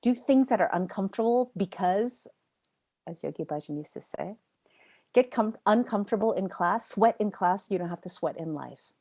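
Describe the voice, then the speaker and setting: A woman's voice: mid-range voice, lively intonation, normal speed, a little mellow. A woman teaching a live online yoga training class. She talks in an emphatic, chatty way, repeats phrases for effect and answers students' typed questions by name.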